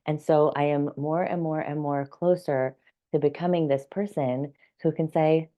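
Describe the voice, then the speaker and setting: Low-voiced woman musing in a vlog. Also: fairly even intonation, normal speed, warm tone. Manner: reflective, talks herself through things, laughs often. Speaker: vlogger. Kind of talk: casual personal vlog monologue.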